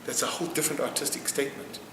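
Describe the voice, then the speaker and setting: A man's voice: medium pitch, little pitch movement, very fast, fairly bright tone, slight background noise. A man being interviewed, speaking with passion and emphasis and repeating phrases to drive his point home. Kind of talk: impassioned interview answer. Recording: roomy hall with long reverb, faint music.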